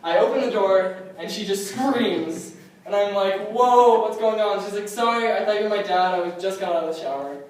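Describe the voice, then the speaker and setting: A man's voice: high voice, fairly quick. A young man telling a rambling stand-up story on stage, full of ums and likes and laughing at his own jokes. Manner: rambling, self-amused, lots of ums and likes. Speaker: stand-up comic. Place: comedy club stage. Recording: echoey room recorded from far, noisy. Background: audience laughter.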